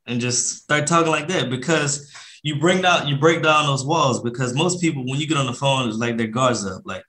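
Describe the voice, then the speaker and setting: A laid-back young man in a casual interview, talking loosely with slang and acting out phone calls. His voice sits at an ordinary middle pitch for a man. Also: a little fast, pushed and bright. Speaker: podcast guest, real estate investor.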